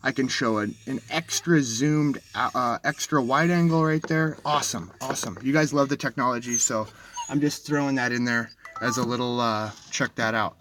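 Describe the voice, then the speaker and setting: A man's voice: mid-range voice, moderate pace, very noisy. A man livestreaming from inside a vehicle, telling a story in a rambling, shaky way, full of restarts and self-corrections. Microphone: dashboard camera.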